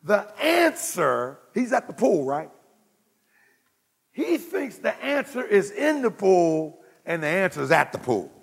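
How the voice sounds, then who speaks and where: Gravelly preacher in a reverberant hall. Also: male voice, a little slow. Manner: animated preaching, swinging from low murmurs to shouts. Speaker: pastor. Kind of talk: sermon. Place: church sanctuary.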